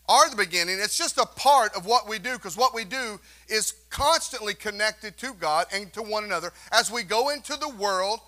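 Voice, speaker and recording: A man's voice: sits high, pushed and bright. A male pastor preaching a sermon to his congregation, emphatic and calling for responses. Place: church sanctuary.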